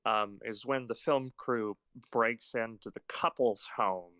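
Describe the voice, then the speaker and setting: A man's voice: fairly low pitch, fairly even intonation, takes it slowly, pushed and bright, no echo. A man co-hosting a podcast, talking casually about films with frequent fillers and hesitant restarts. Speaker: podcast co-host. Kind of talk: casual film discussion.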